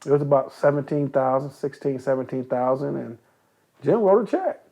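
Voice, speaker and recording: An older man from Compton, California, telling stories as an interview guest, animated and swearing freely. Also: medium pitch, moderate pace, creaky. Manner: animated, acts out quoted voices, swears freely. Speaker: interview guest, youth basketball coach. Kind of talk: casual storytelling. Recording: dull lo-fi recording.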